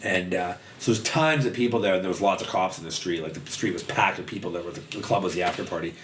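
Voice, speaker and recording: A podcast guest with a very deep yet slightly bright voice talks fast, candidly recounting his addiction in a rambling, profane way heavy with "like." He sits back from the mic in an echoey room with a faint hum behind him.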